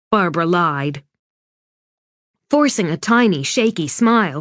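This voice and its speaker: A woman narrating a suspense novel in a measured, even scripted reading. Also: fairly low pitch, dry recording. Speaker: audiobook narrator. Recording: dry studio read.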